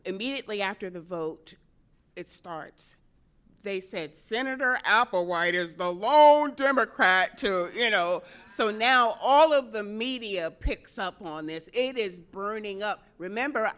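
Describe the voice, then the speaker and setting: A middle-aged woman, a state senator, telling a personal story to a convention audience, animated, often laughing and acting out what people said. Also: medium pitch, a little slow.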